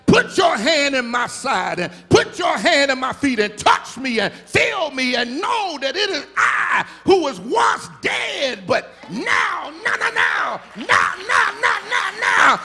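A male preacher voicing the risen Jesus, shouting in a high, ringing preaching cadence. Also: big pitch swings, takes it slowly, creaky, hardly any pauses, faint music behind, some chatter behind, full character voice. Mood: exultant. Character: risen Jesus, loud and commanding.

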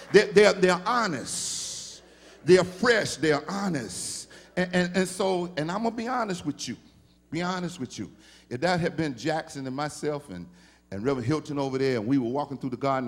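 A male pastor, preaching a sermon in a storytelling way that rises into shouted preaching. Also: medium pitch, fast.

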